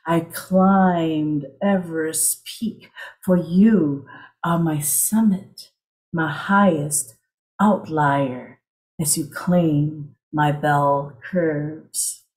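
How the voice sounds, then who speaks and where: A woman performing her own poems at an online open mic from home, with a slow, deliberate, rhythmic recitation. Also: low voice, fairly even intonation, a little mellow. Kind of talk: performance poetry.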